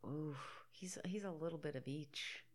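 A woman's voice: low-pitched, normal speed, a crowd in the background. A woman co-hosting a podcast, chatting casually while watching a movie, joking, swearing and laughing often. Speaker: podcast co-host.

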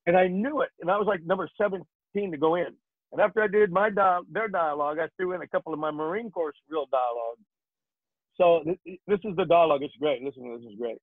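An older man spins jokey stories from his working life with animated comic timing. His voice sits fairly high, dry and close, with a thin, phone-like sound. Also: fast talker, dry recording. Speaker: guest actor. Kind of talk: casual interview storytelling.

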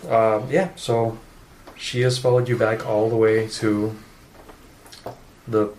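A man's voice: fairly low pitch, flat delivery, takes it slowly, a little mellow, a little hiss or hum. Man running a tabletop game. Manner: casual, rambling narration. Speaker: dungeon master. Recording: echoey room.

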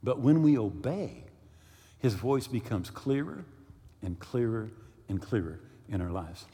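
A man preaching a sermon as pastor, telling a personal story and reading scripture slowly and deliberately. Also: lowish voice. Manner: storytelling with lively swings, slowing down for scripture reading. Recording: long hall reverb.

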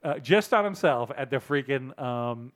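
A man's voice: medium pitch, animated, a little slow. A man hosting a casual podcast, telling long rambling stories and acting out the people in them. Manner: rambling storyteller, acts out quoted people. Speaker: podcast host. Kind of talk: casual chat.

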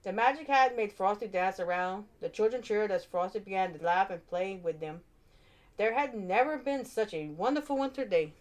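A woman narrating a children's storybook aloud with expressive, animated delivery. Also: medium pitch, moderate pace.

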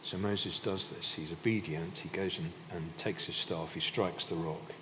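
Preaching in a church hall, a man with a low, steady voice talks at a normal speed in a conversational style, regularly restarting his sentences and adding filler. The sound echoes in the hall, with a little background noise.

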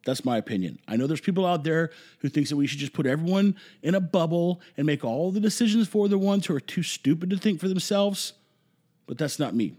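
A man's voice: fairly high pitch, lively intonation, brisk, warm tone. A man hosting a talk show with an opinionated monologue, speaking emphatically, rambling and repeating words for effect. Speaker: commentary host.

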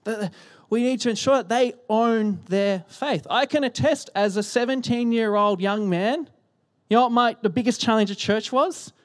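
A man preaching a sermon in a church, animated and shifting between loud emphasis and hushed whispers, speaking into a handheld microphone. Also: very high voice, normal speed. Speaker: pastor. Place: church hall.

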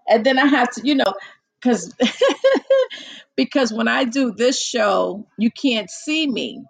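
A woman's voice: on the high side, a little slow, gravelly, no room sound, rough recording. A woman hosting a podcast in casual chat with a caller, chatty and self-deprecating, laughing often and admitting she feels nervous. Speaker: podcast host.

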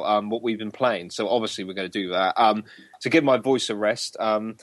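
A man hosting a casual gaming podcast, rambling with many ums and quick to laugh. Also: medium pitch, no echo. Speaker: podcast host.

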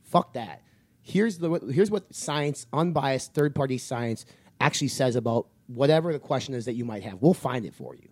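A man's voice: medium pitch, animated, normal speed, no echo. Male podcast host, blunt and profane, dry close-miked sound. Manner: blunt, heavy swearing, rants. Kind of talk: casual podcast chat.

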